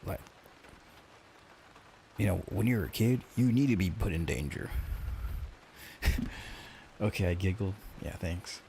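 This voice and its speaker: A man's voice: low voice, expressive, a little slow, creaky, long pauses, warm tone, slight background noise. A male streamer in casual chat with viewers, ranting and joking in a profane, mock-grumpy way.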